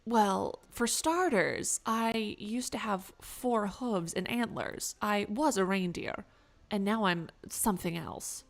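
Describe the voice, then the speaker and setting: Woman playing a bewildered reindeer turned man. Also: mid-range voice. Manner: slow, earnest, bewildered storytelling.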